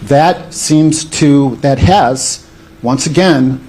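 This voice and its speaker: A man questioning a politician in public, speaking in a deliberate, accusatory way. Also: medium pitch, a little mellow, husky.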